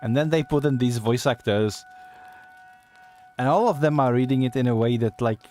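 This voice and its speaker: A man's voice: mid-range voice, normal speed, mellow, slight background noise. A man streaming a video game, giving casual commentary in a mocking tone, laughing often and swearing. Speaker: vtuber streamer.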